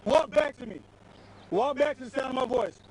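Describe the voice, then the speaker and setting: A male state trooper, shouting repeated forceful commands at a traffic stop. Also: extremely high pitch, normal speed, a crowd in the background. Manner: forceful, repetitive barked orders. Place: outdoors at a roadside traffic stop. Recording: noisy roadside police camera audio.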